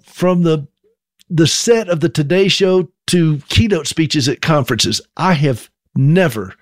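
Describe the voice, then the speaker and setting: A man's voice: fairly high pitch, no room sound, clean studio sound. Self-mocking Southern man telling a story. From South Carolina, US. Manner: folksy, self-deprecating humor. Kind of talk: storytelling monologue.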